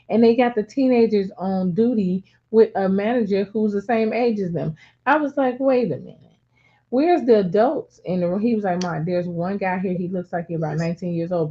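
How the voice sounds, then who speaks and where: A middle-aged woman in casual chat, telling a family story with lively acted-out voices. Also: medium pitch. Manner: animated storyteller acting out voices. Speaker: talk show co-host. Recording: dull lo-fi sound.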